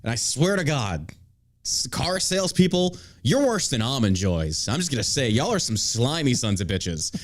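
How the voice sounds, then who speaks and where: A man's voice: medium pitch, sing-song, normal speed. A man hosting a casual talk show, ranting with energy and mocking people in put-on voices. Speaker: podcast host. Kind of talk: casual profane chat.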